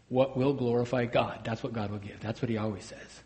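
A man preaching a sermon as a pastor, swinging between loud emphatic bursts and hushed, low phrases. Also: steady tone, fairly quick, hardly any pauses. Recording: long hall reverb.

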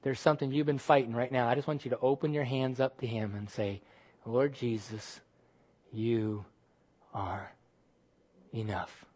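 A male pastor delivering a sermon at a middle pitch. He preaches with emphasis, then drops to soft, hushed lines to press a point home. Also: fast, few pauses.

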